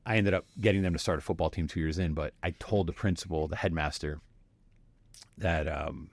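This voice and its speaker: A man's voice: extremely low pitch, fairly quick, vocal fry, no room sound. A man in his forties from Miami, a podcast guest telling candid stories and acting out the people in them. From Miami, United States. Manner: animated storyteller who acts out quoted people and laughs often. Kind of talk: candid storytelling interview.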